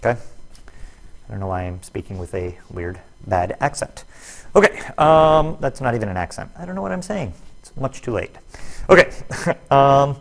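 Gravelly and medium-pitched, with big pitch swings and a moderate pace, a man teaches net force in a classroom lesson video. He breaks worked problems into steps and cracks self-deprecating jokes.

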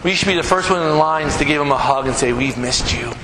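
A man preaching a live sermon as pastor, telling stories emphatically and dropping to hushed, earnest tones. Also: fairly high pitch, racing. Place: church sanctuary. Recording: echoey church hall, noisy live recording.

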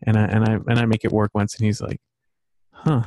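A man's voice: on the low side, little pitch movement, racing, creaky, darkish tone. A man in his thirties hosting a casual podcast chat over a video call, rambling with many fillers and restarts. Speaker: podcast host.

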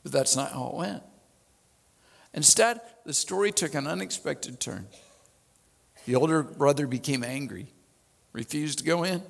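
A male pastor preaching, his fairly high voice carrying a gravelly rasp. He tells the story with animated energy and slips in dry humorous asides, all ringing in a long sanctuary reverb. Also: measured pace, long pauses. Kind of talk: sermon.

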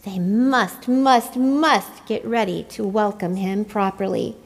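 A woman reading a children's picture book aloud in an expressive, playful way. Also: medium pitch, slow pace, gravelly. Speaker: storyteller. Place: church.

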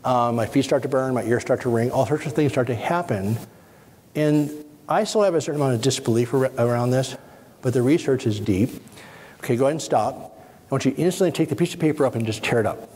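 A middle-aged spine surgeon leads a workshop in a conference hall, guiding the audience through an exercise with calm, step-by-step instruction as part of his lecture. His medium-pitched voice moves fast and sounds husky, and the hall is reverberant.

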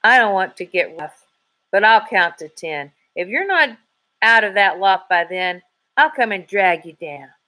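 A woman voicing a gruff, hot-tempered male crook who growls his threats. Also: medium pitch, expressive, a little slow, sharp tone.

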